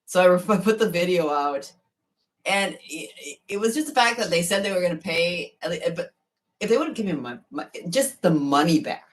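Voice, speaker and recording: A woman in a relaxed, casual chat about her eating challenges. She wanders through her stories, trailing off and picking back up. Her voice sits a little away from the microphone. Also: fairly low pitch, normal speed, distant mic. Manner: relaxed, rambling storytelling with fillers. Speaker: competitive eater.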